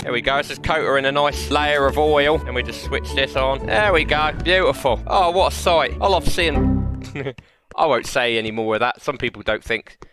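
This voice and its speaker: A young man loudly and excitably commentating on a comedic VR game, often yelling and laughing. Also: medium pitch, moderate pace, music in the background. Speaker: gaming channel host.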